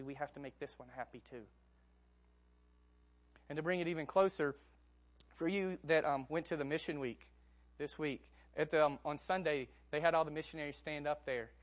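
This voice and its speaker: A young man preaching a sermon, telling a story and moving between hushed lines and emphatic ones. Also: a little high.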